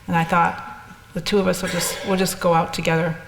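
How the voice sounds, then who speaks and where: Older woman, gravelly voice in an echoey hall. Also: lowish voice, flat delivery, fairly quick, background noise. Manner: candid, rambling with restarts. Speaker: speaker sharing experiences. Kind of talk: personal storytelling talk. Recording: echoey hall with long reverb.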